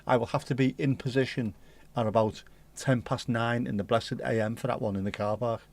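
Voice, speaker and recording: A man's voice: medium pitch, fairly even intonation, fairly quick, creaky, darkish tone. A man hosting a casual livestream, reading out viewer messages and rambling jokily with slang and swearing. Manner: rambling, jokey and sweary, full of British slang. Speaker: livestream host.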